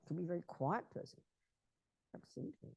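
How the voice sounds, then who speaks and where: A woman's voice: on the low side, animated, quick pace, gravelly, a little mellow, husky, dry recording. A woman teaching Buddhism in an emphatic way, repeating key phrases and often asking her listeners if they understand.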